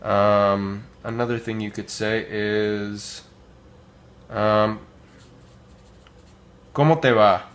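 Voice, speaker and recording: A man with a fairly low voice gives a relaxed language lesson. He talks informally, pausing with lots of ums, and slows right down to model each phrase. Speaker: Spanish teacher. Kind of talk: casual spoken lesson.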